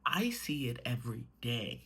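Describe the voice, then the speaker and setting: A woman's voice: rumbling low, big pitch swings, moderate pace, bright, forceful tone, husky. A young adult woman talking casually in a personal vlog, meandering with many fillers and swearing when worked up. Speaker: vlogger.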